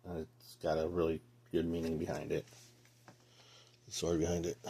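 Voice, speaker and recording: A man's voice: deep voice, darkish tone, husky. A man, a grandfather, telling a rambling story about his card collection in a casual vlog, with many fillers.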